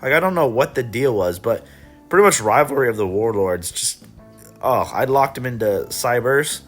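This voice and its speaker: A man casually recapping his card game tournament rounds, laid-back and swearing, coughing and clearing his throat now and then. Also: medium pitch, animated, normal speed, fairly bright tone, faint music behind. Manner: laid-back, profane, chuckling, mock voices of opponents.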